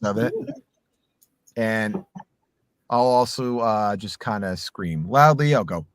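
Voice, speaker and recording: A man, a voice actor, chatting casually and animatedly about his craft and demonstrating warm-ups, his voice a little sore. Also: on the low side, takes it slowly, clean tone, no room sound, studio quality. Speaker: voice actor guest. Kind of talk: casual chat explaining voice acting.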